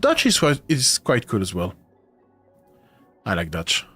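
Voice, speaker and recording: A man's voice: medium pitch, huge pitch swings, unhurried, pushed and bright, husky, faint music behind. A man with a French accent, a non-native English speaker who grew up in France, chatting casually and rambling with many restarts while streaming a video game.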